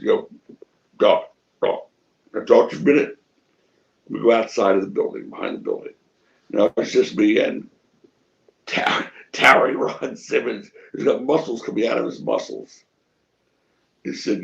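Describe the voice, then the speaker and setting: A man's voice: medium pitch, normal speed, gravelly, long pauses, dull audio. A middle-aged man telling stories in an interview, acting out what people said and swearing freely. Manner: animated storyteller acting out quotes, swears freely. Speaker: wrestling promoter interviewee. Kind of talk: shoot interview storytelling.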